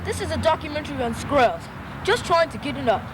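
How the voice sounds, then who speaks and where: A man's voice: very high voice, sing-song, pitched above the performer's own voice. A young man narrating a homemade nature documentary, putting on a hammy Australian nature-show host accent, recorded outdoors on home video with traffic noise behind. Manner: hammy, exaggerated greetings and drawn-out asides. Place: outdoors near a road, cold.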